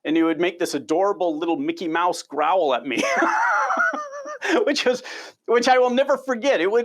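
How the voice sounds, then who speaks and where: Middle-aged guy w/ a slightly high voice, researcher telling stories in an interview, gets excited, stumbles on repeated words. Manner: enthusiastic storyteller, repeats words when starting sentences. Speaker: biology researcher. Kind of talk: casual interview answers.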